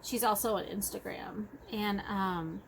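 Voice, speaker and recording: A woman's voice: mid-range voice, steady tone, a little slow, creaky, slight background noise, rough recording. A woman with a Texas accent chatting casually about her cross-stitch projects, rambling and correcting herself as she goes. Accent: Texan. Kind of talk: casual show-and-tell chat.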